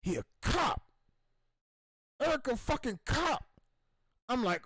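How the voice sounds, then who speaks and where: A man hosting a gaming stream who tells a rambling, profane story with excitement and acts out the voices in it. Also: high-pitched, normal speed, no room sound. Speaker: show host.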